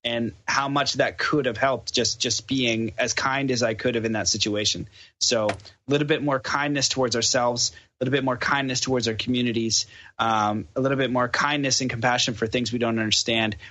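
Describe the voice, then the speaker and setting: On dull, lo-fi podcast audio, a Canadian guest with a medium-pitched voice tells a story briskly and casually. He brings it to life by acting out the dialogue.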